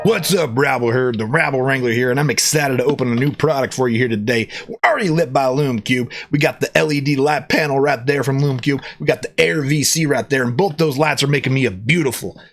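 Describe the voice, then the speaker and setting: A man, reviewing a product in a casual unboxing vlog, joking in a playful cowboy persona with excited jumps in pitch. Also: a little fast, soft background music.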